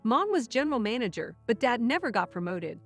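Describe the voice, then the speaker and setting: A woman's voice: a little high, big pitch swings, brisk, soft background music. A woman voicing a frank, matter-of-fact young adult daughter, close to her own voice.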